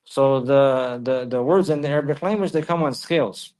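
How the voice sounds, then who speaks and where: A man giving a religious lesson, reading Arabic passages quickly and then translating and explaining them slowly, often repeating himself and checking that listeners follow. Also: medium pitch, a little mellow. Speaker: religious teacher. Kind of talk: classroom lecture explaining a text.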